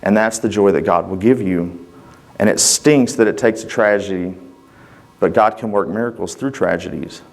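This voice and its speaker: Low-voiced man sharing a church testimony. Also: moderate pace, soft background music. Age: adult father. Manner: casual storytelling, acting out dialogue. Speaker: church member giving a testimony. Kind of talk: personal testimony to a congregation.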